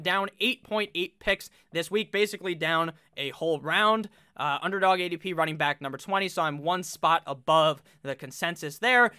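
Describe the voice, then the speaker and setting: A man's voice: fairly high pitch, pushed and bright, clean tone, no room sound, studio quality. A man giving casual fantasy football commentary, talking bluntly, swearing freely and rattling off statistics.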